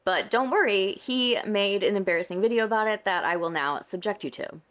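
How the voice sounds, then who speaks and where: A woman's voice: mid-range voice, a little fast, a bit bright. A woman hosting a casual commentary vlog about book news, chatty and wry, her throat slightly scratchy. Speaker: booktube commentary host.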